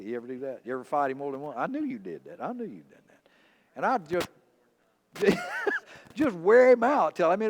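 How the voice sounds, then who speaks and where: A man preaching to his congregation in a church. He tells homespun stories with humor and an easy, conversational manner. His pitch is middle of the road but moves very expressively. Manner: folksy storytelling with humor, animated and conversational. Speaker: pastor. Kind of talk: sermon. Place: church sanctuary.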